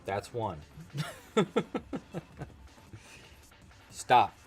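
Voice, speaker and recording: A man's voice: on the low side, big pitch swings, extremely slow, soft background music. A man casually teaching a crochet-along on a livestream, chatty and playful, often chatting with his cat. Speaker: crochet instructor.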